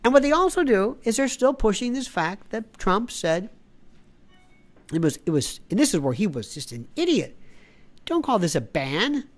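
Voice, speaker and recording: A middle-aged woman hosting an opinionated monologue, sarcastic and animated, mocking others with put-on indignant voices. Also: mid-range voice, normal speed. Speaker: podcast host.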